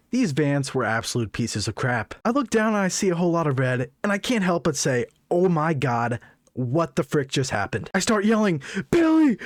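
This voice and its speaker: Young guy vlogging, jokey storyteller, voice jumps all over, kinda high, dry close sound. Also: no room sound. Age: young adult. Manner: animated, jokey storytelling with sudden high squeaks of excitement. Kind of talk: storytelling vlog.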